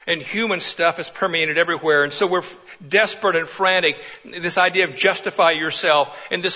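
A man preaching a sermon with passion, swinging from urgent pleading to hushed, quiet lines. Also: high voice, moderate pace. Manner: impassioned, swings from loud pleading to hushed near-whispers.

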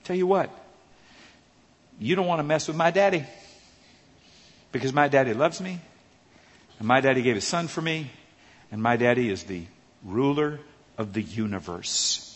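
A man preaching a sermon, telling animated stories and acting out the voices of the people in them. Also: mid-range voice, moderate pace, long pauses, husky. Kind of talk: sermon with storytelling. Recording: reverberant hall.

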